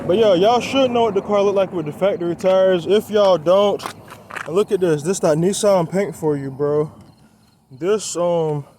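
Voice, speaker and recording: In a high-pitched, slightly mellow voice, a young car vlogger keeps up a loose, rambling chat with his viewers, whom he calls y'all. He's outdoors by a quiet road working on his car and sounds a little breathless.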